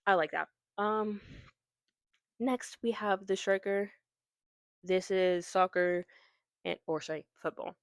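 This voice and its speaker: A woman's voice: mid-range voice, slow, pauses often, clear, resonant tone, dry recording. A woman chatting casually about her reading list, rambling and correcting herself with lots of fillers. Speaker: booktuber. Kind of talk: casual chat about books.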